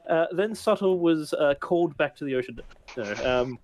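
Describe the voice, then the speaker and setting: A man's voice: fairly high pitch, animated, normal speed, noisy background. A man casually recapping the last session of a tabletop game, rambling with many fillers and laughs. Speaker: game master.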